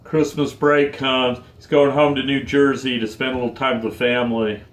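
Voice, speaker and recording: A man in his forties, choked up and close to tears, speaking slowly and haltingly in a heartfelt personal vlog. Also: mid-range voice, level tone, reverberant, a little hiss or hum. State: choked up, tearful. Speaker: vlogger.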